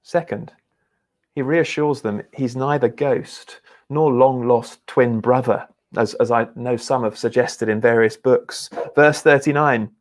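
Male preacher, mid pitch, earnest and halting, sermon delivery. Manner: earnest, halting with repeated restarts.

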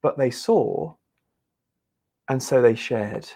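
Male preacher, mid pitch, earnest and halting, sermon delivery. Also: dark tone. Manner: earnest, halting with repeated restarts.

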